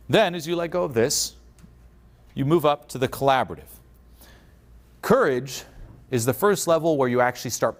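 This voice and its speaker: A man giving a motivational talk at a conference, switching into quoted voices to act out examples. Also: mid-range voice. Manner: animated, acts out quoted voices. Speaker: speaker. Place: conference stage.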